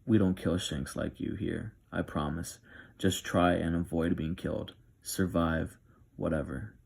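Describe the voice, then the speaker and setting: A brash young man in charge, rough and slangy in how he talks, voiced by a man reading aloud. The voice sits very low with a gravelly edge. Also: steady tone, unhurried, darkish tone, heavily acted. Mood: gruff. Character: brash gruff young male leader of boys.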